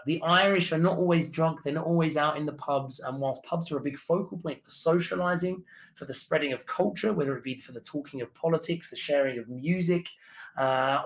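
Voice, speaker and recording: English man, tour leader, chatty explanatory webinar talk, slightly high voice, dull lo-fi recording. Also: fairly bright tone. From England. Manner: chatty and explanatory, with filler uhs. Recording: dull lo-fi sound.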